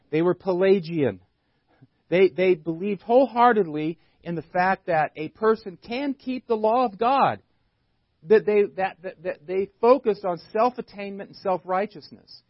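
High-voiced pastor preaching, questioning. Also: male voice, no echo, lo-fi sound. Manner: asks many questions, repeats words while thinking. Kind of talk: sermon.

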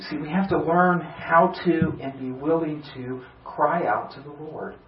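A man's voice: fairly high pitch, measured pace, slight background noise. A male pastor preaching an earnest sermon, building to urgent emphasis with rhetorical questions, recorded in a church. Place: church sanctuary. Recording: roomy, distant church sermon recording, slightly dull.

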